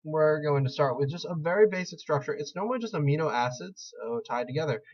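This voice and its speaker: A man's voice: fairly high pitch, lively intonation, quick pace, a little mellow. A young man giving a casual screen-recorded tutorial, rambling and self-deprecating as he explains. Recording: slightly dull lo-fi mic.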